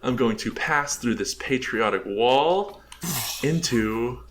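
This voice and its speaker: A man's voice: mid-range voice, lively intonation, takes it slowly, slight background noise. An American man giving a casual, rambling walkthrough presentation, full of filler words and chuckles. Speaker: presenter showing his game build.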